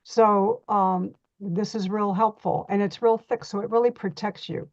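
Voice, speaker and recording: A woman's voice: medium pitch, steady tone, a little slow, no echo, highs cut off. A middle-aged woman teaching a hands-on reflexology workshop, chatty and folksy as she demonstrates on a model foot.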